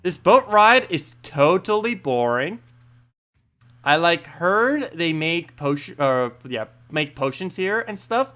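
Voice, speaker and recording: A man's voice: fairly high pitch, sing-song, slow, pushed and bright, clear, resonant tone, faint music behind, voice pushed up, exaggerated voice. A man voicing a spoiled, bubbly young princess with a valley-girl drawl. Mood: whiny, spoiled.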